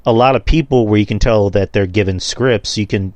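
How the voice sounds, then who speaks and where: A man's voice: on the low side, fairly quick, a little mellow, no echo. A man in a casual podcast discussion who talks in a loose, opinionated and profane way.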